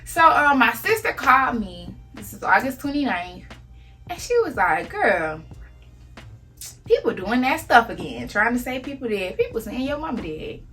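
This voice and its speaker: Young Southern woman, bright candid voice. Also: on the high side, big pitch swings, normal speed, faint music behind, low-quality recording. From Savannah, Georgia. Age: 20s. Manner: candid, conversational, drops to soft near-whispers at painful moments. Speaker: vlogger. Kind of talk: emotional personal storytelling.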